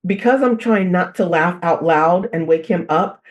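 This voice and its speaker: Woman, interview guest, animated storyteller, repeats herself for emphasis, laughs while talking. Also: on the low side, normal speed, highs cut off. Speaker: parenting guest expert. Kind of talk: conversational interview.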